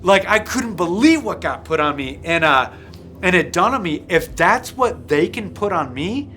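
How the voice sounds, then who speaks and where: A man telling an emotional personal testimony, rambling and intense, full of restarts and "like", sometimes sinking to a hushed low voice. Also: very animated, normal speed, a little hiss or hum. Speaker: guest sharing a personal testimony.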